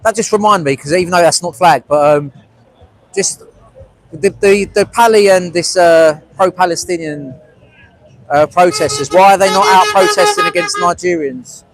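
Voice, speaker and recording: A North London man with a London accent, talking straight to his viewers during an outdoor protest stream. His banter is blunt and sweary, full of "mate" and quick asides, and his voice sits slightly higher than most men's. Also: poor audio. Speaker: livestreamer. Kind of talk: live street stream, chatting to viewers.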